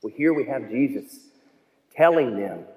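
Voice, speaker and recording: A male pastor preaching a sermon, telling stories and slowing down to stress key phrases. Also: mid-range voice, lively intonation, narrow, tinny audio. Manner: storytelling, with slow emphatic phrases. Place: church sanctuary. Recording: long church reverb.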